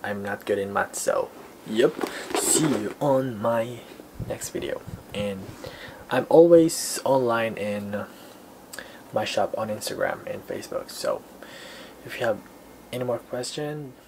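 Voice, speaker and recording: A man's voice: on the low side, takes it slowly, pauses often, noisy background. A young man with a Filipino accent chatting casually and playfully to camera in a vlog, rambling with chuckling asides. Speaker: vlogger.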